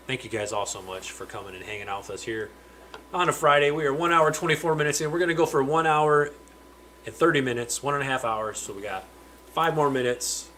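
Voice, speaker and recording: A man hosts a relaxed live stream from a home fish room, talking at a middling pitch. He chats loosely and greets viewers by name, and he sometimes trips over his words. A faint background hum runs under his voice. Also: rough recording. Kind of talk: casual live stream chat.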